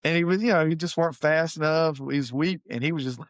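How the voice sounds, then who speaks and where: A man's voice: on the high side, quick pace, dry recording. Folksy man, dry close sound. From Savannah, Georgia, US. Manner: folksy, animated storytelling. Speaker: high school head football coach, guest. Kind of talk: casual storytelling interview.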